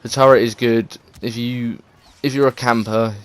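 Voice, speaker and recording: A man's voice: mid-range voice, fairly even intonation, moderate pace, clean tone. An English man giving casual, rambling gameplay commentary, full of fillers, restarts and swearing. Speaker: gaming video creator.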